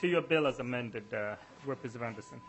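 Brisk man chairing a committee, noisy line. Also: medium pitch. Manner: brisk, procedural, courteous. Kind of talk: chairing a legislative hearing.

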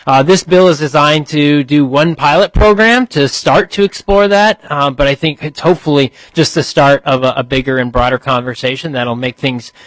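A man, a state representative, wrapping up remarks on a bill in a measured way. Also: mid-range voice, a bit bright, dry recording, rough recording. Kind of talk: legislative testimony.

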